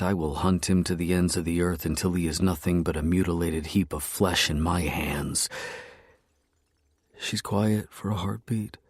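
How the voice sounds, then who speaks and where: A man reads a dark romance story in the first person, his voice sitting very low. The delivery is brooding and intense. The sound is dry and close to the mic. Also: dry recording. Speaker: narrator.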